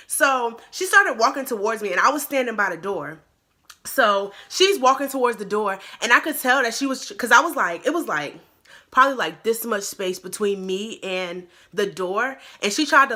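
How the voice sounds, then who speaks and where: Bright-voiced young woman telling a story. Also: mid-range voice, normal speed. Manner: animated, acts out quotes in a louder voice; slangy, lots of "like" and "bro". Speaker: YouTuber. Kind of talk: casual storytelling chat.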